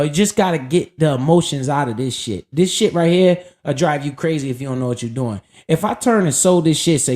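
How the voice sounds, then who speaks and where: A man's voice: medium pitch, darkish tone. A man streaming live, casually talking about investing in a profane, hyped and preachy way.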